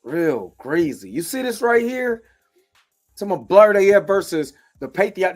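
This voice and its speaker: Guy hosting his own show, rambly and repetitive, slightly high voice. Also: a little slow, soft background music. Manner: loose, repetitive, lots of filler phrases; animated, jumping between soft and loud. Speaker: show host. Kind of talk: casual video commentary.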